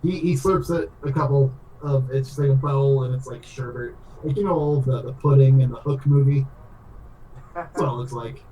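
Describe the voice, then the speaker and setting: A man's voice: medium pitch, moderate pace, dark tone. A man narrating a tabletop game as game master, in a loose, rambling way full of filler words. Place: room on a live stream. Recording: roomy echo, mic at a distance.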